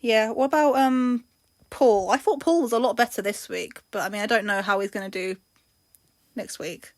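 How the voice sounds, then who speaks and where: A woman with a fairly high voice talks casually, often restarting her sentences as she recounts things. The sound is dry and close, with no room around her. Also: normal speed, no room sound. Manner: hesitant, recounting with many restarts. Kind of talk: casual chat.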